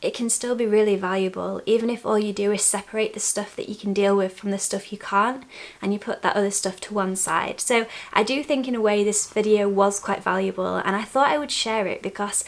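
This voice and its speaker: A young woman vlogging from her bedroom at home, chatting candidly to camera and laughing softly between thoughts. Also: medium pitch, a little fast, gravelly. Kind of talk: casual chat to camera.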